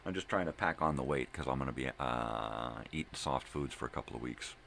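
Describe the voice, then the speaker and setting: An older man talks through his morning in a slow, drowsy ramble, trailing off and circling back. His voice is extremely low and gravelly, with a faint room hum underneath. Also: a bit bright. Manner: slow, drifting, full of fillers and wordplay. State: drowsy from cold medicine. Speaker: vlog host.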